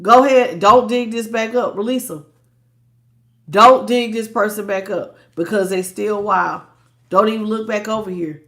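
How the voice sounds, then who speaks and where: A woman's voice: medium pitch, moderate pace, a bit bright. A stuffed-up woman giving a blunt, preachy live tarot reading, talking in slang and greeting her chat viewers. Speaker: tarot reader.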